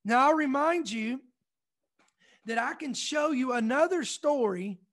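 High-voiced impassioned male preacher. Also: expressive, unhurried, a bit bright. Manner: impassioned, repetitive rhetorical questions building intensity. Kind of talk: short devotional sermon.

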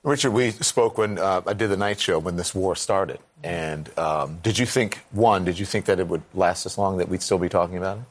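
A man's voice: low voice, fairly quick, hardly any pauses. A man anchoring a morning news show, introducing stories and questioning a guest in a direct, conversational way.

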